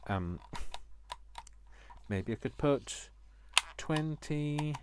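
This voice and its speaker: A man's voice: low-pitched, moderate pace, very noisy. A man chatting to viewers while crafting, joking at his own expense. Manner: self-mocking, jokey asides to viewers. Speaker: craft vlogger.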